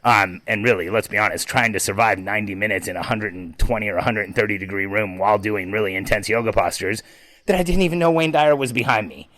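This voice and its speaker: A man hosting a podcast, telling a story in an animated, excitable way with frequent ums. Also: lowish voice, quick pace, no echo, poor audio. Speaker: podcast host. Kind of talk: storytelling monologue.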